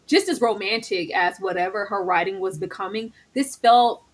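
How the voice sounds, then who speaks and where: A woman co-hosting a live, casual TV episode recap, talking animatedly and jumping into high voices when she quotes characters. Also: moderate pace. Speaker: co-host reviewing a TV episode.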